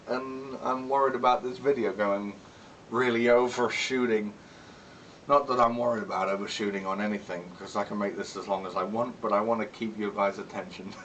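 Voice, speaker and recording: A man with a fairly low voice talks casually to his viewers, rambling, candid and quick to swear, with chuckles between remarks. He sits a little back from the mic, and a faint rumble runs under the recording. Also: a bit bright, distant mic, highs cut off. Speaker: vlogger. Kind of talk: casual vlog chat.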